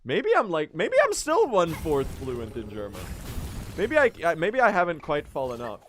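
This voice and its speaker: Young male streamer, slightly high and animated, chatty and self-mocking. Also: normal speed, a little hiss or hum. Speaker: speedrun streamer. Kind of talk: casual live-stream chat.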